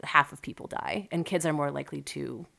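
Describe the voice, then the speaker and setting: A woman co-hosting a podcast, telling a story and quizzing her co-hosts in a relaxed, casual way. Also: sits low, a little fast, vocal fry. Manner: relaxed storyteller, laughs easily. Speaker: podcast co-host. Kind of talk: casual chat.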